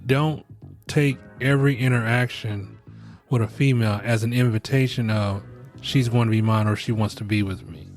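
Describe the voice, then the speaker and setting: A man's voice: mid-range voice, steady tone, normal speed, faint music behind. A middle-aged man hosting a podcast, giving frank, rambling, jokey advice in a casual monologue.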